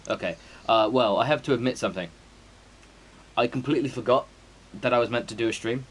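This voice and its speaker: A man's voice: mid-range voice, fairly quick, low-quality recording. A man, streaming a game and chatting casually in a rambling, sweary way full of fillers. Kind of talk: casual chat before a stream.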